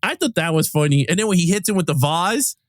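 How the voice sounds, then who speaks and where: A man's voice: high-pitched, expressive, fast talker, no echo, clean studio sound. A man co-hosting a podcast, chatting casually about a film and acting out lines with bursts of laughter. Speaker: podcast co-host. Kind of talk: casual movie review chat.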